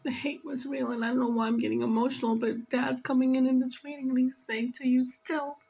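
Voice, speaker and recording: A woman's voice: sits high, flat delivery, a little fast, gravelly, dark tone, husky, poor audio. A tearful woman giving an emotional spiritual reading, talking in an earnest, scolding and pleading way. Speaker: spiritual reader.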